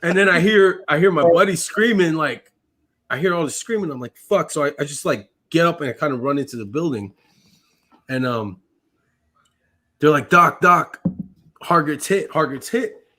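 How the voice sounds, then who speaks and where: A man's voice: fairly high pitch, moderate pace, long pauses, fairly bright tone. Man, thirties, casual storytelling, heavy swearing, lots of fillers. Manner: swears often, fills with uh and like. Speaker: podcast guest, army medic veteran.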